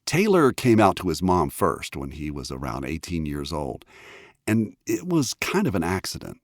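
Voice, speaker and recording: A man hosting a radio documentary podcast, delivering measured scripted narration. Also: deep voice, huge pitch swings, dry recording, clean studio sound. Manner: measured narration, reacting warmly in conversation. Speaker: podcast host.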